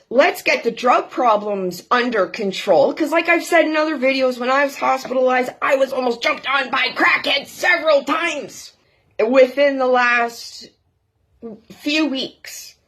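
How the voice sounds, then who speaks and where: A woman's voice: high voice, fairly bright tone, slightly rough. A middle-aged woman from Canada ranting casually about politics to her viewers, rambling and tagging her points with "okay, guys?". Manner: rambling, frequent "okay, guys?" tags, addresses politicians directly. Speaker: political commentary vlogger. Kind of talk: casual political rant to camera.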